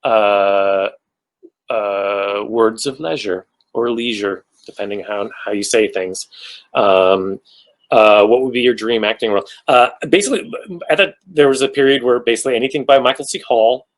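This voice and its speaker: An actor with a lowish voice answers fan questions at normal speed on a virtual panel via video call. He rambles, cracks self-deprecating jokes, and uses lots of fillers, all on a low-quality recording.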